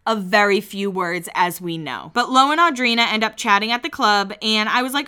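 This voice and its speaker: A woman's voice: mid-range voice, expressive, normal speed, few pauses, pushed and bright, clear, resonant tone. A woman casually recapping a reality show, chatty and candid, swearing freely and acting out quotes.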